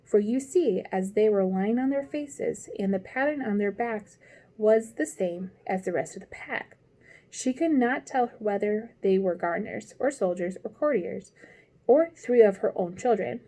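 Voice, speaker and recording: A woman from a library reading a classic children's novel aloud in an expressive, gently paced way. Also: mid-range voice, a little slow. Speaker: library storyteller.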